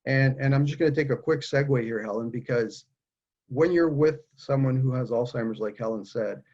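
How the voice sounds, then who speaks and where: A man speaking earnestly and haltingly about caring for his parents, in a candid conversation over a video call. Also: medium pitch, darkish tone, highs cut off. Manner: earnest, halting, many restarts. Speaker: guest speaker.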